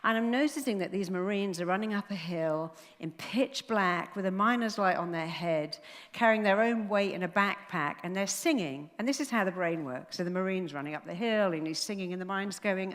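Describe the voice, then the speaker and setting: A woman therapist giving a motivational talk to a live audience. She speaks in a lively way and acts out inner dialogues in changing voices. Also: mid-range voice, moderate pace. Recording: echoey hall with long reverb.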